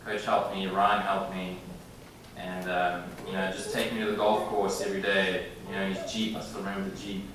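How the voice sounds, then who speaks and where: A hall of fame inductee in his thirties gives a halting acceptance speech, full of pauses and filler sounds, in a low, fairly bright voice with little pitch movement. He's recorded from a distance across a very echoey, large indoor banquet hall, with clear room noise behind him.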